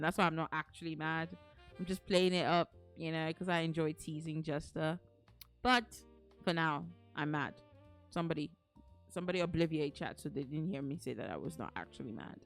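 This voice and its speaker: A woman streamer chatting casually with her viewers, playful and teasing, putting on mock anger and laughing often. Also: deep voice. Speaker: streamer reading to chat.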